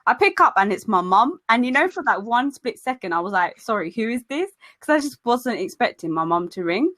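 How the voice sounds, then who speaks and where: A woman's voice: on the high side, brisk. A young woman, co-hosting a podcast in casual chat and telling stories with acted-out quotes. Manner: lively storyteller, acts out quoted voices. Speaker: podcast co-host.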